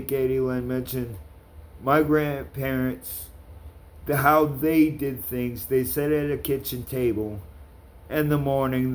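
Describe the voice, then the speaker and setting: Guy ranting slow into his camera, cussing people out, calling them out. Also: mid-range voice, a little mellow. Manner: confrontational, profane, calling people out. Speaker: vlogger.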